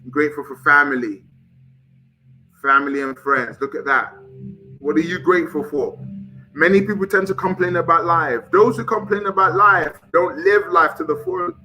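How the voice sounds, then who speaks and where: A man with a fairly high voice runs a live motivational talk, hammering home affirmations and guiding slow breaths. He talks straight to his viewers in an energetic, preachy way. Soft music plays faintly behind him. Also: poor audio. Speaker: motivational live-stream host.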